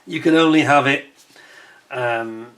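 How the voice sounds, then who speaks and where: With medium pitch, a measured pace and a fairly bright tone, the man runs his own scale-model channel. His chat to camera is relaxed and self-deprecating, punctuated by frequent laughter.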